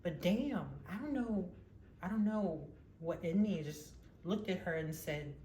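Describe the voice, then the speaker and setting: A woman's voice: lowish voice, unhurried, mellow. A young woman telling a personal story in a casual monologue, rambling with many fillers and frequent laughs. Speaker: vlogger. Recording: echoey room with faint noise.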